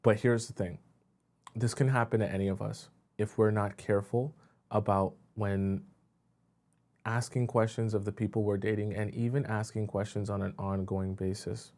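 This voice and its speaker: A man's voice: lowish voice, little pitch movement, moderate pace, darkish tone. A man hosting a casual reaction stream on a pin mic, talking straight to his viewers with many fillers. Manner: chatty, addresses viewers directly, many fillers. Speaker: host reacting to videos.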